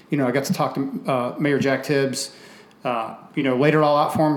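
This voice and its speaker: A man talking excitedly about a new fishing league, rambling and restarting his sentences. His pitch is medium, and the room adds a noticeable echo. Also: a little fast. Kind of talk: casual chat.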